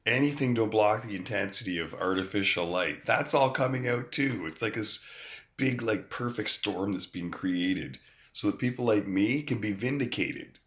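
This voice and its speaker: A man's voice: on the low side, normal speed, a bit bright. A man, recording an angry, profane rant into his phone outdoors. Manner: angry, profane rant with mocking quoted voices. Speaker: vlogger. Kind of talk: ranting to camera.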